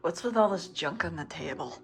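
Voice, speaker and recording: A woman's voice: fairly low pitch, animated, fairly quick, soft background music. A middle-aged woman from the Midwest chatting casually and rambling easily as she vlogs her day at home. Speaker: travel vlogger. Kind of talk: casual vlog chat.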